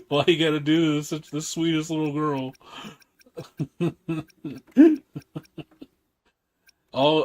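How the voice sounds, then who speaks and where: Casual: guy streaming a game, chatty and rambly, laughs a lot, middle pitch, some faint music behind. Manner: laughs often, rambling, repeats words. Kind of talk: casual chat.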